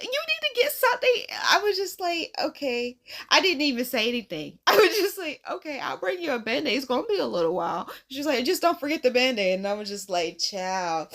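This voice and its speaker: Woman, 30s, casual storytime vlog; high, very lively delivery, laughs often, acts out the quotes. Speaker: vlogger.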